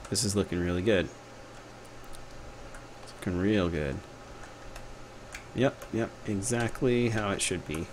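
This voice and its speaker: A man's voice: medium pitch, slight background noise. A young Texan man with a Texan accent, giving a casual live-stream tutorial, chatty and jokey, muttering to himself as he works. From Texas. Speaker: game developer teaching a tutorial.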